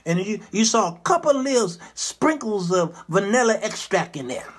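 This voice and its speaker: Animated high-voiced male comic host. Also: moderate pace. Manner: animated storytelling, jumps into shrill put-on voices. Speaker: comedic talk show host. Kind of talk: satirical comedic monologue.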